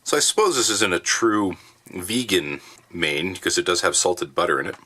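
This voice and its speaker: A man casually reviewing military rations in his basement, chatty and relaxed with plenty of fillers. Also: deep voice, moderate pace, slightly rough. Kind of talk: casual food review vlog. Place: home basement.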